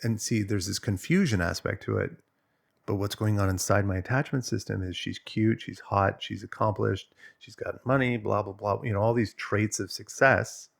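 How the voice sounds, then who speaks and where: A man's voice: on the low side, normal speed, gravelly. A man working as a relationship coach, explaining in a loose, conversational way and telling stories with animation. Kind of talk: casual explanatory monologue.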